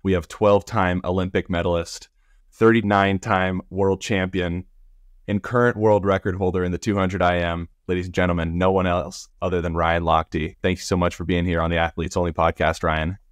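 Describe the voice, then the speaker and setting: A man's voice: deep voice, little pitch movement, fairly quick, no echo, studio quality. A man hosting a sports podcast, reading an upbeat intro and then asking interview questions. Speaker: podcast host.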